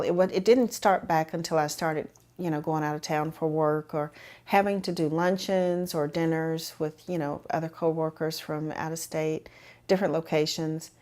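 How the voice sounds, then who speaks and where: A woman telling her own story in a measured, reflective way with frequent fillers. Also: sits low, fairly even intonation, darkish tone. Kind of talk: personal testimony.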